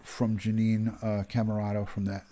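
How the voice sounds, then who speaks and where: A man's voice: on the low side, monotone, moderate pace, dark tone. A man in his fifties, a retired detective hosting a casual livestream, chatting with viewers and greeting them by name with plenty of ums and uhs. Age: 50s.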